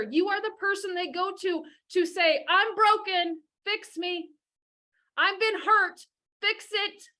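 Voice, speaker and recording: Woman, middle-aged, high voice, bright and forceful tone, swearing, emphatic advice talk. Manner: profane, fiery and emphatic. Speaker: divorce coach. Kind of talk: blunt advice monologue.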